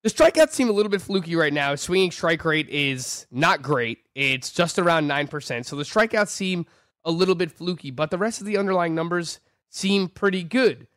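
Animated stat-heavy male podcast host. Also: fairly high pitch, moderate pace, no room sound. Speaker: fantasy baseball podcast co-host. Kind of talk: casual sports analysis chat.

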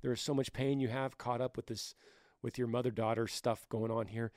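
A man's voice: mid-range voice, flat delivery, a little fast, no echo, studio quality. Earnest man with a scratchy voice. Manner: earnest, conversational, with restarts and soft laughs. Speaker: podcast host. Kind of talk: casual advice talk.

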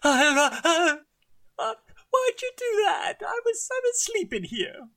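A flustered teenage barkeep, as a man puts him on in a tabletop game, stammering and squeaking high above his own voice. The tone is bright and edged with gravel. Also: lively intonation, normal speed, exaggerated voice. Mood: startled. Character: sleepy startled teenage male barkeep.

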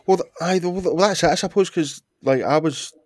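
A man's voice: fairly high pitch, fast talker, darkish tone, no room sound. A man with a Glaswegian accent hosting a casual chat, asking questions with frequent restarts. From Scotland. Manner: conversational, questioning, stumbling restarts.

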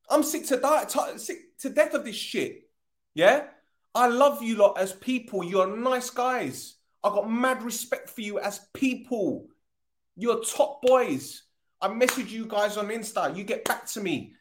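A man's voice: sits high, normal speed. Angry man ranting about football. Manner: angry, sweary, repeats himself. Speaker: football podcast host. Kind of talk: fan podcast rant.

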